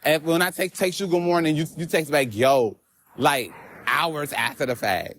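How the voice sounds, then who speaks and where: Profane, animated man ranting on a walk. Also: fairly high pitch, moderate pace, a little hiss or hum. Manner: animated, profane, laughing asides. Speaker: vlogger. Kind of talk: casual storytelling rant. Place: outdoors on a walk.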